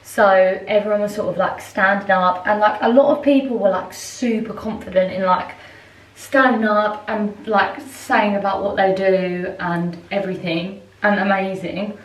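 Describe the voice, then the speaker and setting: A woman's voice: mid-range voice, fairly even intonation, normal speed, distant mic. A woman talks casually to her phone camera, rambling and filling gaps with "like". She is recording in a hotel room. The sound is roomy, and she is set back from the mic. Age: 20s. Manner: chatty, rambling, lots of "like". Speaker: vlogger and brand owner. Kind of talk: casual vlog chat.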